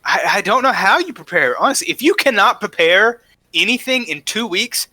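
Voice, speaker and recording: A man's voice: high-pitched, animated, normal speed, sharp tone, dry recording. A man co-hosting a casual esports podcast, breaking down matches in an opinionated, emphatic way and driving his points home by repeating them. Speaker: podcast co-host. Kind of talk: casual esports analysis chat.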